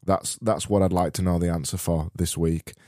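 A man with a South Yorkshire accent hosting a solo podcast, rambling and correcting himself with dry, deadpan humor. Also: low voice, normal speed, no echo. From Barnsley, South Yorkshire. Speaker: podcast host.

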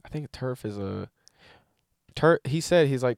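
A man co-hosting a comedy podcast in casual chat, ranting in an animated, profane way. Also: medium pitch, normal speed, vocal fry, no room sound, studio quality.

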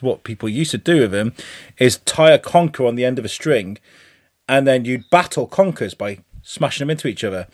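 A man's voice: medium pitch, lively intonation, a little fast, no room sound, clean studio sound. A man with a British accent, co-hosting a podcast in casual, swearing banter, laughing often. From England. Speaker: podcast co-host.

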